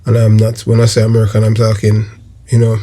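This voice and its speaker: A man's voice: on the low side, completely flat delivery, fast talker, mellow. A man from Jamaica with a Jamaican accent hosts his own channel, giving casual crime commentary in a rambling way, repeating phrases and filling gaps with "you know" and "um". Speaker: YouTube channel host.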